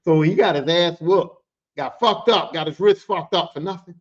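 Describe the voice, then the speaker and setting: A man's voice: high voice, moderate pace. A man telling a workplace story in casual, profane talk, acting out the voices of the people in it. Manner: profane, animated, acts out quoted people. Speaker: podcast host telling a story. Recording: dull lo-fi sound.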